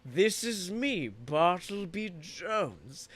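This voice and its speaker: A man voicing a meek young man raised by turtles, talking in a slow, measured, flat way. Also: high-pitched, full character voice. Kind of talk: improvised comedic voice.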